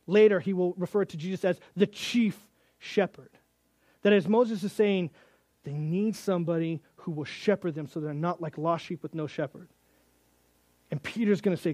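A man gives a Bible teaching to young people, telling the stories in an animated way with casual, joking asides. His voice sits fairly high for a man. The recording is close and dry, with no room sound. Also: moderate pace, no room sound. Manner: animated storytelling, acts out quotes, casual asides.

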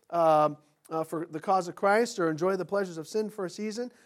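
A middle-aged man delivers a sermon in a loose, talky style, often stopping to restart his sentences. His voice sits fairly high for a man. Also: darkish tone. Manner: conversational preaching with frequent fillers and restarts. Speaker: pastor.

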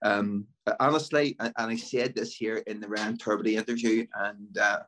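Chatty Belfast man, animated storyteller. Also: fairly low pitch, moderate pace, slight background noise, low-quality recording. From Northern Ireland. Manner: animated storyteller with many restarts and repeated words. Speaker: primary school principal. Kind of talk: casual interview chat.

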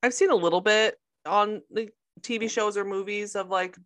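A woman co-hosting a casual podcast chat with her sister, retelling scenes in an animated way and swearing freely. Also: medium pitch, moderate pace. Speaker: podcast co-host; sister of co-host.

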